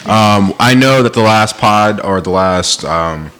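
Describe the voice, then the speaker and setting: A man's voice: lowish voice, lively intonation, slow pace, fairly bright tone, a little hiss or hum. A man hosting a podcast, chatting casually about new music in a laid-back, rambling way with plenty of slang and filler. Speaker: podcast host.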